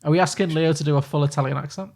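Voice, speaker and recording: A man's voice: fairly high pitch, steady tone, rapid-fire, creaky, darkish tone. A man, co-hosting a podcast, who breaks in with questions and short reactions in casual chat. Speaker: podcast co-host.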